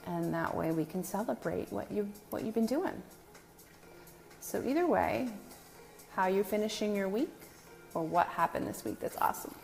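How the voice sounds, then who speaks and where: A woman's voice: mid-range voice, lively intonation, normal speed, vocal fry, pauses often, darkish tone, soft background music. A woman hosting a casual live stream from her home, greeting viewers by name in a chatty, self-deprecating way. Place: new home with a brick wall, indoors.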